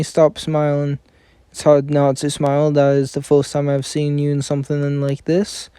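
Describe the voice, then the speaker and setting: A man reading game story dialogue aloud in a plain, even manner, often stumbling over words and correcting himself. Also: fairly high pitch, smooth, no room sound, studio quality. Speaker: reader of game story scenes.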